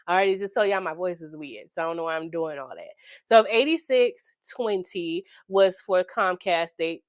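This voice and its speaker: A slightly hoarse woman, chatting excitedly with viewers while walking through her budget at home. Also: on the low side, a little fast, dry recording, studio quality. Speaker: budgeting YouTuber. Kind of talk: casual chat while budgeting. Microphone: desk microphone.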